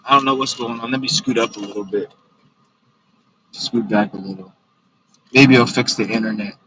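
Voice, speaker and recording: A man's voice: medium pitch, steady tone, normal speed, pushed and bright, muffled recording, a little hiss or hum. A man ranting casually on a livestream, profane and rambling with lots of filler words. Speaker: streamer.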